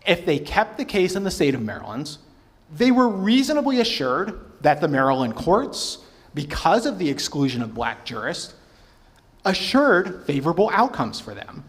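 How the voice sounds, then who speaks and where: A man giving formal testimony as a historian, speaking in a measured way and reading quotations aloud. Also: fairly high pitch, sing-song. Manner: measured, quotes sources aloud. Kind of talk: formal public talk with read quotations. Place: public hearing hall. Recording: reverberant hall.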